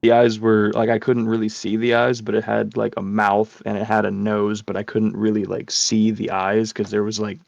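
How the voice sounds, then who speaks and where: A man's voice: fairly low pitch, monotone, normal speed, creaky, few pauses, darkish tone, dry recording. A man hosting a podcast, telling a story casually, rambling with lots of swearing and filler words. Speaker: podcast host. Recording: dull lo-fi sound.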